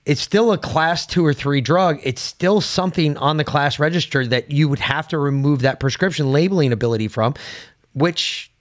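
A man's voice: a little high, normal speed. A man co-hosting a political podcast, talking bluntly and argumentatively with frequent swearing. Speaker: podcast co-host.

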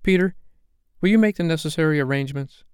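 A man's voice: a little high, animated, moderate pace, a little mellow, clean tone, dry recording, clean studio sound, voice pushed up, close to an everyday voice. A man doing an urgent, earnest young girl. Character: anxious, resolute young girl.

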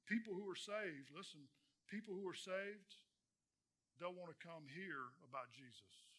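A male pastor preaching a sermon, earnest, repeating phrases and swelling louder on key points. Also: fairly high pitch.

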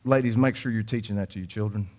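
A man's voice: lowish voice, fast, a little mellow, muffled recording. A young man preaching a sermon, telling a folksy story with many repeats and asides to the congregation. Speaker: pastor.

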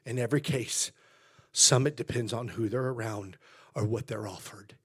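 An American pastor delivers a sermon in a husky, mid-range male voice at a moderate pace. He tells stories in a folksy way, shifting between quiet asides and loud, emphatic declarations.

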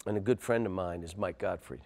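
An older man, a basketball coach, telling animated stories in an interview and getting loud and excitable. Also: deep voice, a little fast. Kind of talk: interview storytelling.

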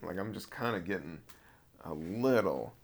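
A man hosting his own podcast as a comedian, talking in a loose, meandering way with casual swearing, a little high. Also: expressive, moderate pace, gravelly. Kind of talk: casual rambling podcast monologue.

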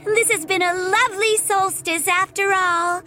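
A woman's voice: extremely high pitch, steady tone, unhurried, sharp tone, soft background music, heavily acted. A woman voicing a sugary, scheming witch in an audio drama, gushing and sing-song. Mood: sweet.

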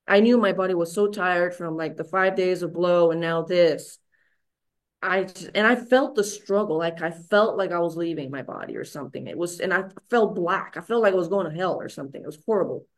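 Candid woman with a low voice. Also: fairly quick. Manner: raw, frank, swearing, many fillers and restarts. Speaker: podcast guest. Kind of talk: candid personal storytelling.

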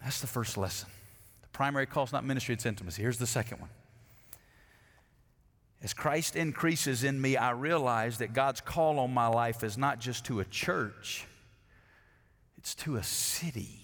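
A middle-aged man, a pastor, preaching a sermon, swinging between loud emphatic declarations and hushed, intimate asides. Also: medium pitch, normal speed, long pauses, long reverb tail.

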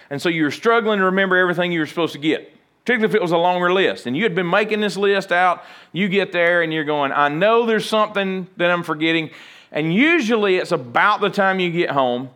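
A man's voice: a little high, a bit bright. Joking preacher, man. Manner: conversational, joking, acts out little scenes. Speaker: pastor. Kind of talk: sermon.

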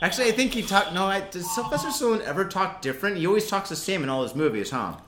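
A man's voice: high-pitched, expressive, fast talker, reverberant, background noise. A man hosting a casual podcast chat who jokes, rambles, swears freely and laughs a lot. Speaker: podcast host.

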